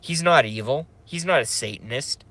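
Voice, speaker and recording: A man's voice: medium pitch, lively intonation, normal speed, a bit bright. A man hosting a casual livestream, rambling, swearing, and reading out viewer comments. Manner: rambling, profane, emotional; reads chat comments aloud. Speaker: livestream host.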